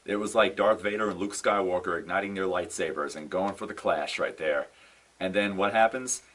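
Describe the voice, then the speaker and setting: A young wrestling fan delivers a casual rant to camera in a low-pitched voice at a moderate pace, captured on a distant mic with poor audio. Exasperated and animated, he sighs, repeats himself with repeated "no"s and stresses his disappointment.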